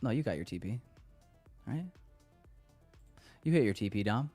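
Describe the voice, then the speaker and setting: A man's voice: on the low side, lively intonation, moderate pace, a little mellow, soft background music. A man livestreaming his day trading, chatting loosely with viewers in casual, joking, sometimes profane banter. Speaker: day trader streaming live. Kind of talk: casual live-stream commentary.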